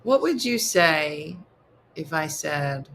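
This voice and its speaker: Reading viewer comments on her casual comedy livestream, a New Jersey-accented morning show host teases them with playful mock disgust. She speaks slowly in a deep, slightly bright voice with big pitch swings, over slight background noise.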